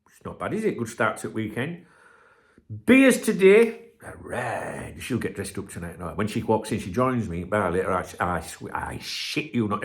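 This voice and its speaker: Middle-aged bloke, channel host, chatty and sweary, voice swings up and down a lot. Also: male voice, on the high side, pushed and bright. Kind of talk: casual chat.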